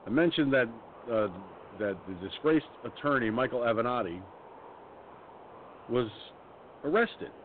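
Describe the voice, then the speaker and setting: A man rants through a story, cursing freely and talking in a blunt, angry way. His voice sits at an everyday middle pitch. It comes through a narrow, phone-like line with a faint hiss underneath. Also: animated, measured pace, pauses often. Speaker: radio show host. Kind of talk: ranting personal storytelling.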